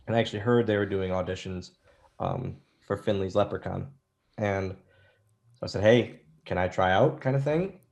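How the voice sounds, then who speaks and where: Low-voiced man telling rambling anecdotes. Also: darkish tone. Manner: rambling, self-deprecating anecdotes with many restarts. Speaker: interview guest. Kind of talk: casual storytelling interview.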